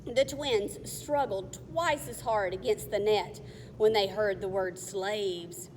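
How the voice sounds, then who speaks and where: A woman reading a children's novel aloud in a careful, measured way. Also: medium pitch, darkish tone. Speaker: narrator. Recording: faint long reverb, faint hiss.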